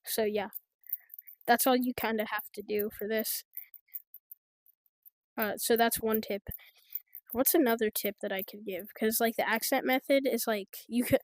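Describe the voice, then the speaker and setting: Rambling American woman with a high voice. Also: fairly even intonation, measured pace, long pauses, no echo. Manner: rambling, filler-heavy, offhand. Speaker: gamer giving trading tips. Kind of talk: casual gaming commentary.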